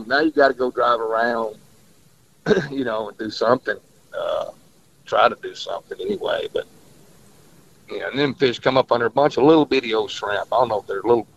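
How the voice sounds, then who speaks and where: A man's voice: mid-range voice, creaky, husky. A man, a fishing guide rambling through stories in casual radio chat and laughing often. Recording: dull lo-fi radio audio.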